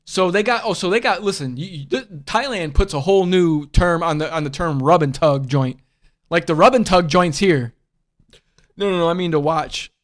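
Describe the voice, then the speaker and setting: A man's voice: on the high side, normal speed. A man hosting a casual livestream chat, talking bluntly and profanely and rambling through restarts and fillers. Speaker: livestream host.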